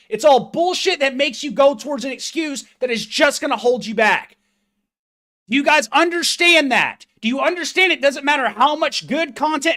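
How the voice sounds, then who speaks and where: A man's voice: very high-pitched, sharp tone. A fitness coach delivering a blunt, profane, confrontational motivational rant straight to his viewers.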